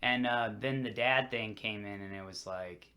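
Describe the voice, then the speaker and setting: Bright-voiced, animated East Coast man. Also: fairly low pitch, moderate pace. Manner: animated, emphatic, swears a lot. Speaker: podcast guest. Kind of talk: casual profane banter.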